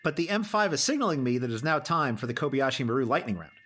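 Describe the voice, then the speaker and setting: A man's voice: mid-range voice, sing-song, rapid-fire, a bit bright, breathy edge. A man hosting a podcast interview, playfully announcing a mock game-show quiz in a theatrical way. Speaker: podcast host.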